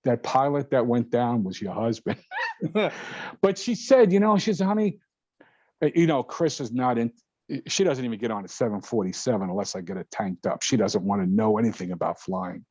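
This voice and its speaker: An older man and guest pilot, telling a story in casual talk, animated and laughing often as he acts out other people's voices. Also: fairly low pitch, brisk, breathy edge, no room sound. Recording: dull lo-fi sound.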